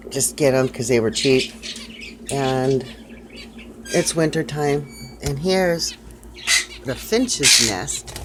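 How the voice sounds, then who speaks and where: An older woman showing her pet birds at home, talking to them in sing-song baby talk. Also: deep voice. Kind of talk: casual home video chat. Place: home room with bird cages. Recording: noisy home video with chirping birds.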